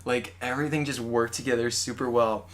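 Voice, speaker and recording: Animated young man recapping an episode. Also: mid-range voice, a little fast. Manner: animated retelling with quoted voices and frequent laughter. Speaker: podcast co-host. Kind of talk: casual chat recapping an anime episode.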